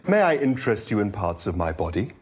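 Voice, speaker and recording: A man's voice: fairly low pitch, sing-song, fast, darkish tone, breathy edge. A man voicing a polite male cow that offers itself as dinner, read aloud from a novel in a courteous, contented manner. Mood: ingratiating.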